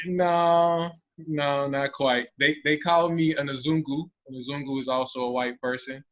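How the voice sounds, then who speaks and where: American man telling a story, bright voice. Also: on the high side, normal speed. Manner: animated, with many restarts. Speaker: panelist. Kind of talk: storytelling in a panel talk. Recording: dull lo-fi audio.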